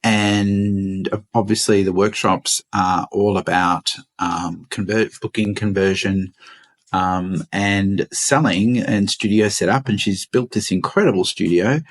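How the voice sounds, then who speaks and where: Husky, low-voiced Australian man. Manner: unhurried, explanatory, with frequent ums and restarts. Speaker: podcast co-host. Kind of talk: casual podcast chat.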